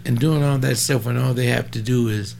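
A man's voice: mid-range voice, fairly even intonation, brisk, gravelly, a little mellow, a little hiss or hum. A man in his seventies preaching in an informal, rambling way, fervent, with folksy asides and sudden bursts of emphasis. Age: 70s.

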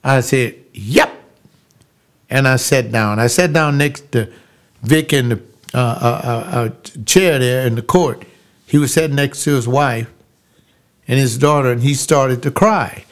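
Slow, emphatic older man pastor. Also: mid-range voice. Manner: slow, emphatic, repeats phrases, rises into preaching. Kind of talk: personal storytelling monologue.

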